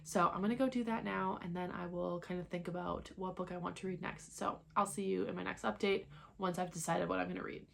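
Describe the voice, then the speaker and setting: A woman's voice: fairly low pitch, steady tone, fairly quick, vocal fry, hardly any pauses, slight background noise. A young woman chatting casually in a reading vlog at home, talking in a loose, chatty way with lots of filler words. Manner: chatty, many "like" fillers, laughs easily. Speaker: book vlogger.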